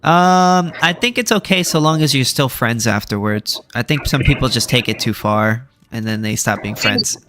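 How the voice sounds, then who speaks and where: A man's voice: medium pitch, moderate pace, few pauses, fairly bright tone, slight background noise. A man hosting a casual group chat on a headset, laid-back and joking. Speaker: stream host.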